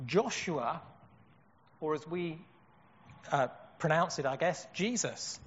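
A man's voice: on the high side, lively intonation, unhurried, fairly bright tone, husky. A man preaching a sermon in an earnest way, asking rhetorical questions. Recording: dull echoey hall.

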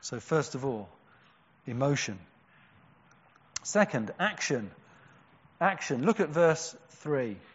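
A man preaching a sermon, earnest, with strong emphatic peaks and quiet, slow, drawn-out words. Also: medium pitch, sing-song, husky. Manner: earnest, rising to emphatic cries and dropping to hushed, slow stresses. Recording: dull sound with a long hall echo.

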